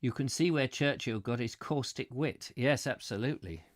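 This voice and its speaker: A man's voice: medium pitch, normal speed, no room sound, studio quality. A man hosting a live book reading, playful and jokey, stopping to greet viewers and chat between passages. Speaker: host reading a book aloud on a livestream.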